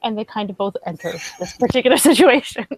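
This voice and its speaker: Higher voiced woman telling her character's moves in a tabletop game, giggly, dry close sound. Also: animated, fast, breathy edge, no echo. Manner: giggly, chatty narration. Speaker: tabletop role-play player.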